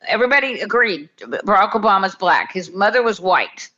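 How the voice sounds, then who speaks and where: A woman co-host in a casual political talk, speaking at a middle pitch. She jumps in with quick, chatty remarks. Her audio is slightly dull and lo-fi. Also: expressive, bright, forceful tone. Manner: quick interjecting, conversational.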